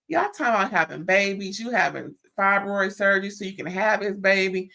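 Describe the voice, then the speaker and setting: A woman's voice: mid-range voice, gravelly. A chatty woman, recapping a reality show in a loose, talkative way. She stretches out her exclamations and keeps up a friendly back-and-forth with her viewers, in a medium voice. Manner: chatty, animated, drawn-out exclamations like "girl" and "mm-mm". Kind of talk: casual chat recap.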